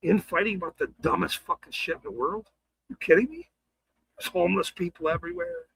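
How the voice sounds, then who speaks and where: An angry man ranting on his livestream, swearing hard, stammering and shouting. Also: high-pitched, sing-song, brisk, creaky, breathy edge, rough recording. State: furious.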